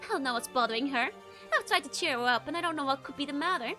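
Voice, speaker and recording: A woman's voice: sits high, lively intonation, very fast, sharp tone, faint music behind. A woman voicing a handsome, hot-tempered young nobleman who speaks in archaic, courtly thee-and-thou phrasing. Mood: earnest, courtly.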